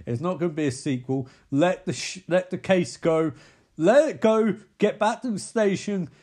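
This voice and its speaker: A man doing a gruff fed-up police chief. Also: medium pitch, brisk, darkish tone, close to an everyday voice. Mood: annoyed.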